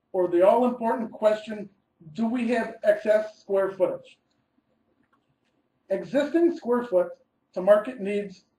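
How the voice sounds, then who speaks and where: Mellow-voiced man presenting in a roomy echo. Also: high voice. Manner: methodical, reads through numbered steps and stresses key words. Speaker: architect presenting a webinar. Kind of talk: scripted webinar presentation.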